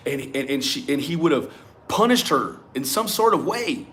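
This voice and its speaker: A man with a high, light voice and a twang rants straight at his viewers, swearing freely. He talks in an animated, worked-up way, jumping between asides and jabs. His delivery is loose, blunt and full of attitude. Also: normal speed. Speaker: commentary vlogger. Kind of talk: profane ranting commentary.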